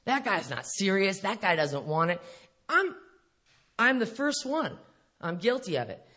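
A woman's voice: mid-range voice, sing-song, a little slow, a bit bright. A middle-aged woman telling her story to a recovery meeting, blunt and profane, laughing often as she talks. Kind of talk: candid storytelling talk to an audience. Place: live speaking event.

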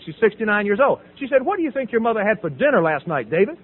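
Racing through his words, a middle-aged Southern man delivers a recovery testimony with expressive delivery and a high voice. He reenacts conversations and laughs often. The recording sounds thin, like a phone line.

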